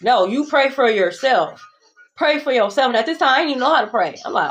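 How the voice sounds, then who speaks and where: A woman's voice: sits high, expressive, brisk. A young adult woman giving a casual tarot reading monologue, blunt, profane and sassy, repeating phrases for emphasis. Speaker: tarot reader.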